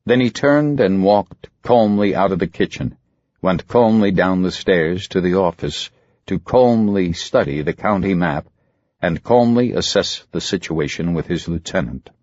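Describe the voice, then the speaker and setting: A male audiobook narrator with a very low, husky voice, reading dramatically with lively swings in pitch. The recording is dry, close and a little muffled, lo-fi. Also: measured pace, no room sound.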